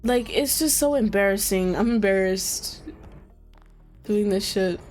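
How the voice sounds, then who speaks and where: A woman streams a game and chats with her viewers, getting frustrated and poking fun at herself as she plays. Her medium-pitched voice is a little slow and mellow, with faint music in the background.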